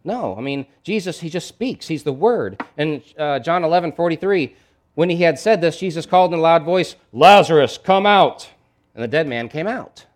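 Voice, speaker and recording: A man's voice: a little high, lively intonation, brisk, a little mellow. A man preaching a sermon in a conversational, emphatic way, with asides and frequent restarts. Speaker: pastor.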